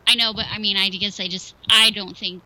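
A woman's voice: mid-range voice, fairly even intonation, a little fast, pushed and bright, dry recording, low-quality recording. A female radio co-host who talks in a hesitant, hedging way, full of "I mean"s. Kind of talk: local talk radio banter. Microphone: studio microphone.

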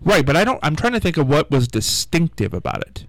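A man's voice: a little high, sing-song, brisk, no room sound, low-quality recording. A male radio host in casual on-air chat, rambling and searching for his words.

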